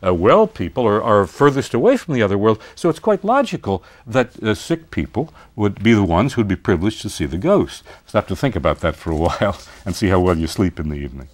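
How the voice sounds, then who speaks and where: A man's voice: lowish voice, big pitch swings, fairly quick, hardly any pauses. A man giving a university literature lecture, speaking expressively and posing rhetorical questions.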